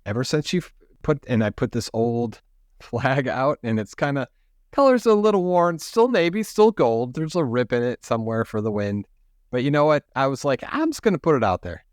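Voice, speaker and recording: A man's voice: mid-range voice, lively intonation, moderate pace, no room sound, clean studio sound. A middle-aged man co-hosting a casual sports podcast over a remote call, telling rambling stories that keep interrupting themselves. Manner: rambling, self-interrupting storyteller. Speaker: podcast co-host.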